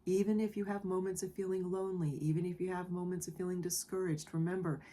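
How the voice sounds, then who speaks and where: A woman giving a collective tarot reading in a soft, emotional way, often repeating phrases and checking in with the listener. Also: lowish voice, fairly even intonation, fast, slight background noise. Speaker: tarot reader. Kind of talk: gentle spoken tarot reading.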